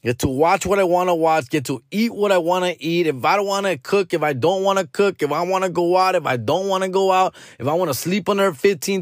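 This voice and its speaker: A man's voice: fairly high pitch, no room sound. Slangy man, dry close sound. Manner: slangy, profane, bilingual Spanish code-switching; drawling, rambling. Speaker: podcast host. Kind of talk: casual monologue.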